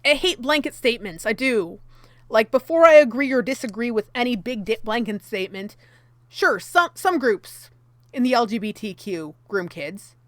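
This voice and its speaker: A woman's voice: fairly high pitch, animated, normal speed, no echo. Exasperated woman reading and ranting. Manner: heated, exasperated, full of fillers. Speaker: commentary YouTuber. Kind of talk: reacting to and reading from an article.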